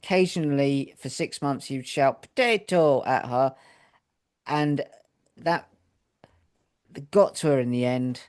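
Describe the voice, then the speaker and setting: A man's voice: medium pitch, measured pace, long pauses, a little mellow, clean tone. British man reading news with jokes. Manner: reads stories out with jokey asides. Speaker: podcast co-host. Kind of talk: casual chat, reading news aloud.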